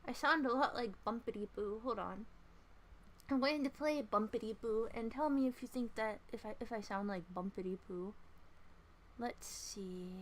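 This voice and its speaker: A woman hosting a livestream, rambling in casual chat with her viewers in a playful, self-mocking way. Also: on the high side. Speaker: livestream host.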